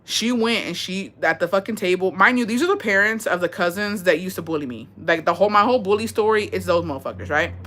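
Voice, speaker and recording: Young woman, livestream storyteller, bright edge, swears a lot, drops Spanish phrases, animated. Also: medium pitch, fast, hardly any pauses. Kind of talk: casual storytelling to viewers.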